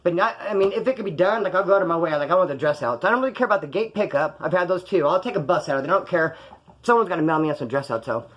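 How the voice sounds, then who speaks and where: A man's voice: high-pitched, racing. A man with a Californian accent telling prison stories in a casual, profane monologue, often acting out the voices of other people. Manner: animated, swearing, acts out other voices.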